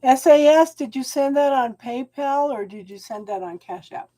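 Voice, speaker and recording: A middle-aged woman, hosting a live tarot reading and advising viewers in a warm, encouraging way, calling them hon. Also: high-pitched, moderate pace. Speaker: tarot reader and channel host.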